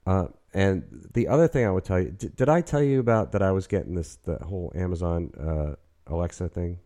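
A man in his fifties hosting a podcast, chatting in an excitable, rambling way from his apartment. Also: low voice, brisk. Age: 50s. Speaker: podcast host. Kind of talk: casual chat.

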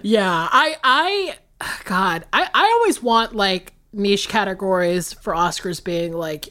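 A woman co-hosting a podcast in casual chat, animated and laughing often, with frequent swearing. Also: medium pitch, takes it slowly. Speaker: podcast co-host.

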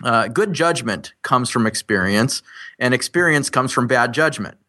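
A man appearing as a podcast guest, talking through his ideas in a thoughtful, explanatory way. His voice has a bright, forward ring. He speaks at a middle pitch. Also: expressive, moderate pace. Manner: reflective, explanatory. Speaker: podcast guest, real estate investor. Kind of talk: casual podcast interview.

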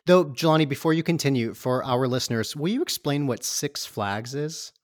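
A man's voice: mid-range voice, normal speed, dry recording, clean studio sound. Upbeat male podcast host from Michigan. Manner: upbeat, enthusiastic interviewer. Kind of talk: casual interview chat.

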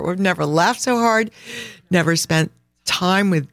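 A woman's voice: on the low side, a little slow, no echo. A woman co-hosting a travel podcast, telling a story in casual chat, rambling and laughing often. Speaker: podcast co-host.

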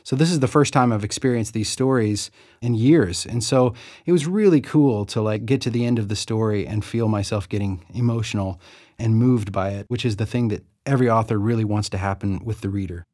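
A middle-aged Southern US author, his voice fairly low, mellow, and fairly quick, gives a reflective interview monologue about recording his audiobook. He's chatty and self-deprecating, with small laughs, in clean studio sound with no room sound.

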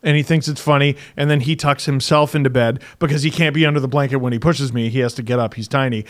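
A man in his thirties hosting a podcast, chatting casually and acting out stories about his young son with loud bursts. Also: medium pitch, fast. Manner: animated storytelling, acts out his son loudly. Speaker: podcast host. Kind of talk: casual chat.

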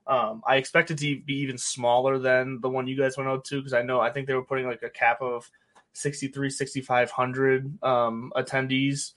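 A man's voice: medium pitch, level tone, normal speed, a bit bright. A man, a guest on a sports podcast, talking at length in a rambling, restart-filled casual way.

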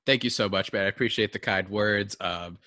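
A man's voice: lowish voice, a little fast, pushed and bright, dry recording, clean studio sound. A man hosting a sports podcast, talking in an upbeat, casual way with fillers. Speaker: podcast host.

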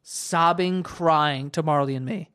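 A man's voice: fairly high pitch, a little slow, fairly bright tone, smooth. A man in casual podcast chat, trading crude, joking banter.

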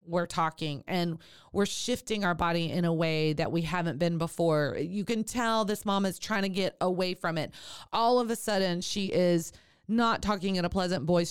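Woman, lower voice, birth educator, podcast talk, animated, talks straight to listeners. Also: clear, resonant tone, no room sound, studio quality. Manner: animated, acts out laboring moms, addresses listeners directly.

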